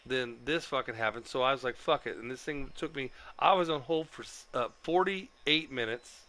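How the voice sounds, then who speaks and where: Speaking at a normal speed in a pushed, bright medium-pitched voice, this male streamer recounts getting banned from an online game. It's a profane, agitated rant full of constant swearing and complaints.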